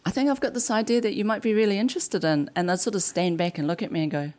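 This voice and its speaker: A woman's voice: medium pitch, steady tone, fast talker, darkish tone. A woman from New Zealand with a New Zealand accent, a game developer telling stories in an interview, acting out quotes and laughing easily. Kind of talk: conversational interview.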